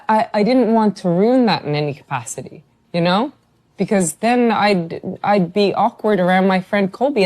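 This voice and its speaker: A woman in casual podcast chat, rambling and halting with many fillers. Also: fairly low pitch, a little mellow.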